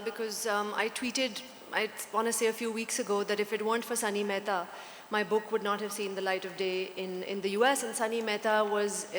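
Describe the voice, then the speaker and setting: A woman on a conference panel, telling lively stories and slipping into Hindi phrases. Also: medium pitch, a little hiss or hum. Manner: animated storytelling, mixing in Hindi. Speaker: panel author. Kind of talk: conversational panel talk. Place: conference hall. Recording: echoey hall with long reverb.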